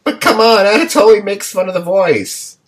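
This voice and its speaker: Male podcast host, casual, animated pitch, jokey lead voice. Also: moderate pace. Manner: lively, joking, leads the talk. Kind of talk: casual panel chat.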